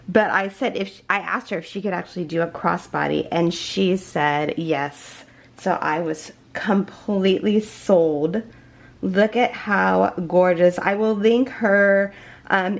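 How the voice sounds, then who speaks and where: A woman vlogging an unboxing at home in a casual chat, gushing and excited, with many fillers and restarts. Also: lowish voice, vocal fry. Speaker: crochet vlogger.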